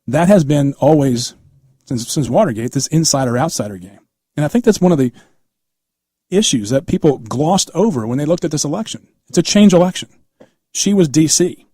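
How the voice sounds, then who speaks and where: A man's voice: a little high, animated, normal speed, warm tone, breathy edge, no echo, clean studio sound. A man in his fifties guest-hosting a political talk radio show, telling stories in a casual, conversational way and acting out quoted dialogue.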